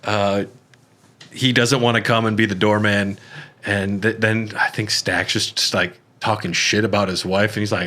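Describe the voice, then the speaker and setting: Podcast co-host, male, lowish voice, easygoing, fillers and restarts. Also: normal speed. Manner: relaxed, hesitant, lots of fillers and restarts. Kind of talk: casual film discussion.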